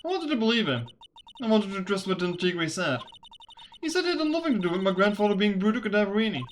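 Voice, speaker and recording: Woman doing a quiet troubled girl, hesitant, kinda soft. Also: mid-range voice, sing-song, quick pace, a little hiss or hum, natural voice. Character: quiet troubled young woman, mob granddaughter.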